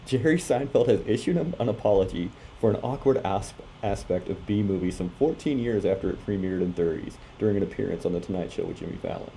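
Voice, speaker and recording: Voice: deep voice, quick pace, gravelly, hardly any pauses, warm tone, slight background noise, poor audio. A podcast co-host who reads out news headlines in a hesitant way, with lots of fillers. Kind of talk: casual chat, reading headlines.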